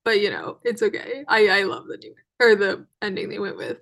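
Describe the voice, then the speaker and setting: A woman hosting a solo podcast recap, talking in a chatty, excitable way with lots of fillers. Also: medium pitch, brisk, gravelly. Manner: chatty and excitable, many fillers, frequent laughs. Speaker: podcast host.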